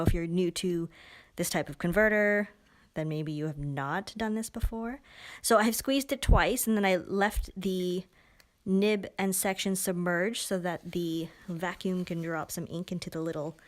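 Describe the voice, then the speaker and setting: A woman hosting a casual live stream from a pen shop, chatty and giggly, with self-mocking asides as she demonstrates inks. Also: on the low side. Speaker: live-stream host demoing pens and ink.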